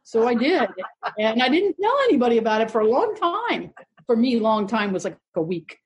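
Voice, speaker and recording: Husky-voiced woman, 60s, clergy guest, thoughtful storyteller. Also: fairly high pitch, sing-song, moderate pace, lo-fi sound. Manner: reflective, earnest, lightly humorous. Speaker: Episcopal priest, interview guest. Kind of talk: personal storytelling in conversation.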